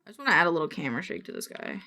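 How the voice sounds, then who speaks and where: A woman's voice: deep voice, huge pitch swings, rapid-fire, vocal fry, pushed and bright. A woman streamer chatting casually while she works, muttering to herself and swearing now and then. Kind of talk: casual co-working stream chat.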